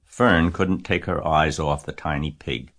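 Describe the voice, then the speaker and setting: A deep-voiced man reads a children's book aloud. His narration is measured and gentle, with an unhurried storytelling pace. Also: fairly even intonation. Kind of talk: audiobook reading of a children's novel.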